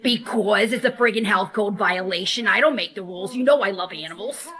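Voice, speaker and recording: A woman's voice: medium pitch, brisk, bright, forceful tone, close to an everyday voice. A woman playing a brassy, gossipy snack-bar worker at a bowling alley in a comedy sketch, calling everyone hun.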